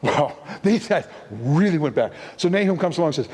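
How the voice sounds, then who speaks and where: High-voiced punning preacher in a church. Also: male voice, expressive, a little fast, few pauses, a little mellow. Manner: playful, punning, acts out voices. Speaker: guest preacher. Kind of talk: sermon teaching. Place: church sanctuary with live audience. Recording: long reverb of a church hall.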